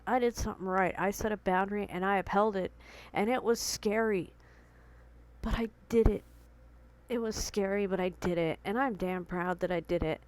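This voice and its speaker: A woman's voice: mid-range voice, low-quality recording. A young woman vlogging at home, earnestly retelling a tense confrontation, still shaken with her heart pounding. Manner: earnest, emotional retelling with quoted dialogue. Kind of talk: personal storytelling vlog.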